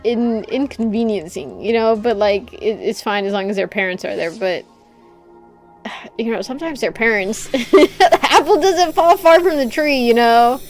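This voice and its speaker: Woman streamer ranting casually, kinda high voice, swears a lot, faint game music behind. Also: normal speed. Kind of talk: casual chat while gaming.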